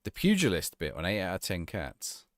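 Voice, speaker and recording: Casual male streamer, rambles chatting with viewers, lower voice that swings up and down, close dry mic. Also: huge pitch swings, normal speed, no room sound. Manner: casual, rambling, answering chat questions. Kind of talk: live-stream gameplay chat.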